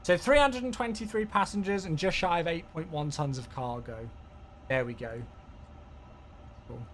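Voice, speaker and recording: A man streaming a flight sim live, chatty and thinking aloud as he thanks viewers warmly. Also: a little high, big pitch swings, brisk, slight background noise.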